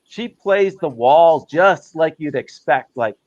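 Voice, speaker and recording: A man co-hosting a casual chat, reading out viewer questions briskly. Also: fairly high pitch, animated, dry recording. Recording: dull lo-fi audio.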